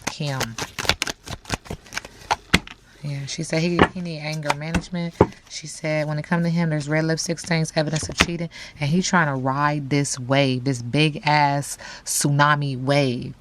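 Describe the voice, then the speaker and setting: A woman's voice: deep voice, fairly even intonation, a little slow, heavy background noise. A woman giving a casual, slangy tarot reading straight to her viewers, full of asides and catchphrases. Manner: chatty, slangy, frequent asides. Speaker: tarot reader.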